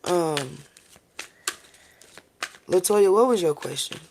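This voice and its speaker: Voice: medium pitch, expressive, takes it slowly, darkish tone, slight background noise. A tarot reader doing a live-stream reading, talking in a casual, profane and rambling way and often checking in with viewers by asking "okay?" and "all right?".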